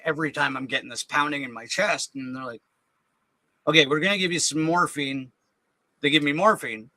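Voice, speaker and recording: A middle-aged man, an interview guest, earnestly recounting a personal experience in a halting way, often repeating words. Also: medium pitch, sharp tone, no echo, rough recording. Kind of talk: personal storytelling.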